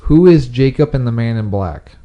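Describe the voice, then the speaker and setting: Lively man hosting a joking podcast. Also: medium pitch, moderate pace, lo-fi sound. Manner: lively, swearing, teasing. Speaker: podcast host asking the questions. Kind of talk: casual chat.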